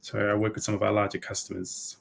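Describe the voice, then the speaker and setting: A man's voice: lowish voice, flat delivery, quick pace, creaky, a bit bright. A man from New Zealand, a guest in a casual tech chat, talking in an easygoing way with fillers. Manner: easygoing, laughs easily, many fillers. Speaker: guest, solutions architect.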